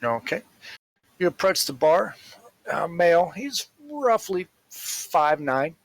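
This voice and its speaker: A man narrating a tabletop role-playing game as game master, in a slow, rambling, casual way with fillers. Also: a little high, big pitch swings, no echo, low-quality recording.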